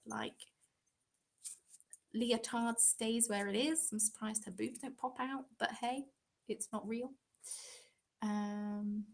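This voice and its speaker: Her mid-range voice is creaky as this young English woman hosts a crafting live stream. She reads viewer comments out loud and chats in a casual, giggly, rambling manner.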